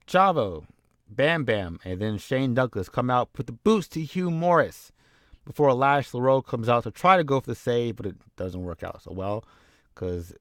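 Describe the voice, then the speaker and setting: Man, casual playthrough narrator, lively pitch, dry sound. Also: no room sound. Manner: rambling, offhand, lively. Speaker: game commentator.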